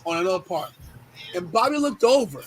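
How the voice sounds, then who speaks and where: A man hosting a wrestling podcast, telling animated stories in casual chat. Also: high-pitched, brisk, a little hiss or hum, low-quality recording. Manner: animated, exclamatory anecdotes. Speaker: podcast host.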